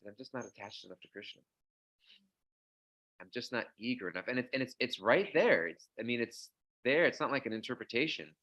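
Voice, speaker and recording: A man's voice: mid-range voice, expressive, brisk, bright, forceful tone. A man teaching a morning scripture class, speaking conversationally and telling anecdotes. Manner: conversational storytelling, acts out voices in anecdotes. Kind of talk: sermon.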